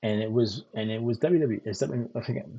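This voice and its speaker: Here the man talks fast at a medium pitch, gravelly and husky yet warm in tone, captured in lo-fi sound. A streamer host from Connecticut, he tells loose, profane stories at length, circling back on himself with plenty of "like" and "um" fillers.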